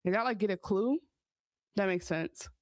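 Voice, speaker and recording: A woman's voice: medium pitch, moderate pace, dry recording. A woman co-hosting a casual podcast, chatting about a TV episode and reading viewer comments aloud. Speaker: podcast co-host. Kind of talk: casual recap chat.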